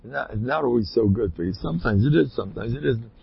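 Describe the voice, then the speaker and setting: A man's voice: mid-range voice, lively intonation, fast talker, gravelly, breathy edge, muffled recording. A man telling rambling anecdotes in a casual way, with sudden emphatic bursts.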